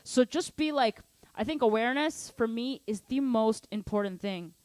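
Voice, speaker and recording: Woman drum teacher, live stream; upbeat, encouraging, filler-heavy chat, slightly high voice, dry close sound. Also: animated, moderate pace, a little mellow, no room sound. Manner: encouraging, chatty, many "like" fillers. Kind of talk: live online drum lesson.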